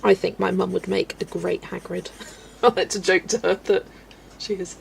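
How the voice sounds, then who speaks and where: Speaking at normal speed in a lowish, level voice with vocal fry, a Wiltshire-accented woman from Southwest England hosts a colouring live stream, with a little hiss or hum in the audio. She's casual and pokes fun at herself, laughing frequently as she responds to chat.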